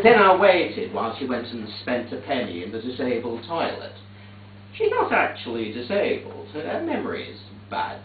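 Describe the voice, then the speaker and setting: A man performing a theatrical monologue on stage, telling the story in a fussy, prim, deadpan way. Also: medium pitch, slight background noise. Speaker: stage actor. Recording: echoey theatre, distant tinny capture.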